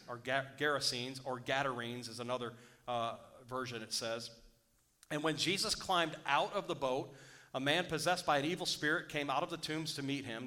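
A man's voice: fairly high pitch, bright, forceful tone. A man preaching a sermon, reading scripture aloud and breaking off to exhort his listeners. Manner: rises to urgent exhortation. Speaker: pastor.

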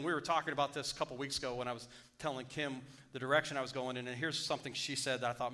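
This pastor speaks fast with a steady tone in a mid-range voice, reading scripture aloud before preaching on it. He alternates between hushed and loud moments and leans on repeated key phrases for emphasis.

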